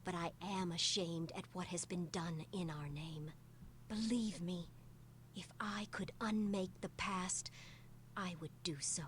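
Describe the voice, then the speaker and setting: An actress voicing a proud, composed female dark elf in a video game, speaking in a cool, challenging way. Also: on the low side, steady tone, unhurried, slight background noise, natural voice.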